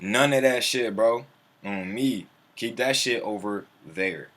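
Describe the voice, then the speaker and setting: A man hosting a loose, unscripted livestream, talking in a somewhat low voice. He rambles in profane slang and reacts to viewer comments as they scroll by. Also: slow pace, fairly bright tone. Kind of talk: casual livestream chat.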